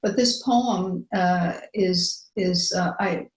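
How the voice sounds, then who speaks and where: An older woman co-hosting a chat show, talking earnestly with many fillers and restarts, and reading a poem slowly. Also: lowish voice, reverberant, rough recording. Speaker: podcast co-host. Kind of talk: casual chat and slow poetry reading.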